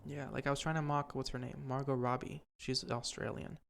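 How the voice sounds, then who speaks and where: A man's voice: medium pitch, level tone, brisk, gravelly, fairly bright tone, slight background noise. A young man hosting a podcast, chatting casually and rambling with lots of fillers. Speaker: podcast host. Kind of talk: casual chat.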